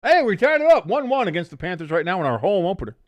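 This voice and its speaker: A man's voice: high-pitched, very animated, quick pace, no room sound, highs cut off. A young man hosting a casual live watch-along of a football game, rambling, self-mocking and swearing freely as he calls plays.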